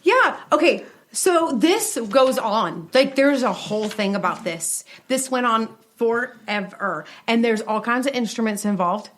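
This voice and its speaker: A woman's voice: on the high side, animated, a little slow, fairly bright tone, slight background noise. A woman with a Southern US accent, co-hosting a podcast and telling a true crime story, laughing often and saying y'all. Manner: giggly, laughs through the story, says y'all. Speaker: podcast co-host.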